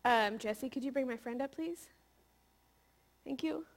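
Woman preacher, slightly high voice, chatty sermon, keeps asking the room questions. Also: unhurried. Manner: conversational, playful, asks the audience questions.

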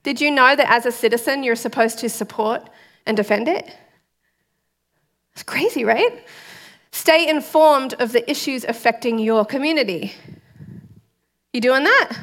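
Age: adult. Sex: woman. Role: church speaker. Pitch: fairly high. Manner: lively, quizzing the congregation. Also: measured pace, pauses often. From outside the United States. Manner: lively, quizzes the audience with questions. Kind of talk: sermon.

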